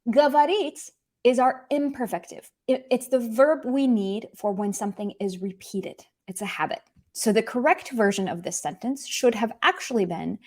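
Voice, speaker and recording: A young woman teaching a language lesson online, explaining with lively emphasis and slowly spelling out example words. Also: on the high side.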